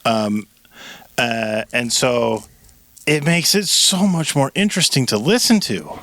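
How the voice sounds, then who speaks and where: A man's voice: mid-range voice, lively intonation, takes it slowly, fairly bright tone, no echo. A man co-hosting a podcast in casual chat, searching for words and then driving points home emphatically. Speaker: podcast co-host.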